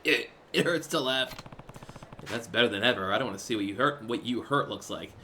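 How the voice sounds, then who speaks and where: A man voicing a calm, stoic middle-aged ex-gangster hero in a game, low and measured. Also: slight background noise.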